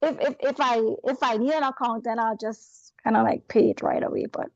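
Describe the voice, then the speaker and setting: A woman with a higher voice and an accent from another first language asks her question over a video call. She rambles and apologizes a lot. The audio is dull and very dry. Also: fairly even intonation, brisk, gravelly, a little mellow, no room sound. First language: not English. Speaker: student asking a question.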